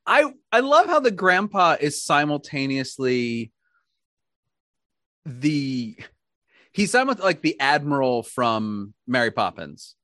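American podcast host, animated, swinging pitch, laughs a lot, dry close mic. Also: measured pace, dry recording. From United States. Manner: animated, laughs often, trails off and restarts. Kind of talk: casual chat.

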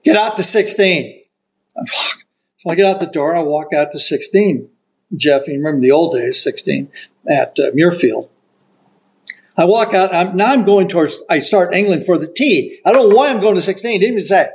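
An older man, a golf broadcaster, telling a story as an animated raconteur who acts out the quotes. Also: fairly high pitch, a little fast, poor audio. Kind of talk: casual storytelling.

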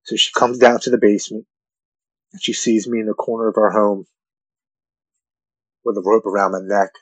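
A man in his forties with a somewhat low voice tells a personal story, earnest and halting, often repeating himself when moved. His voice is recorded close and dry. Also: steady tone, no echo, rough recording. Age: 40s. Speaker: guest telling his recovery story.

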